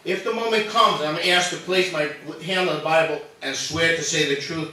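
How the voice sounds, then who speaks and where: A nervous man with a somewhat high, bright voice delivers an earnest, emotional public statement at a meeting. He is picked up from a distance in a large, very echoey chamber. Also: moderate pace, hardly any pauses, a little hiss or hum. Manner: earnest, emotional, defending himself. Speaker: resident speaking at public comment. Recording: echoey hall from far off.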